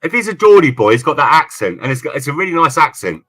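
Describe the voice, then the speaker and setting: A man's voice: a little high, big pitch swings, fast, fairly bright tone, slightly rough. A man from England, co-hosting a livestream in rambling, casual chat and repeating himself often. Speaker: livestream co-host.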